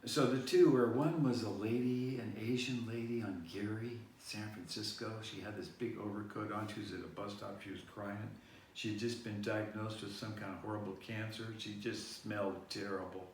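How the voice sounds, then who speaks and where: A man rambles through a personal story, circling back and restarting his sentences as he goes. He sits far from the mic in a very echoey room, and a faint hiss runs underneath. His voice sits at an ordinary middle pitch. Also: fairly even intonation, moderate pace. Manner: meandering, many fillers and restarts. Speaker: vlog host.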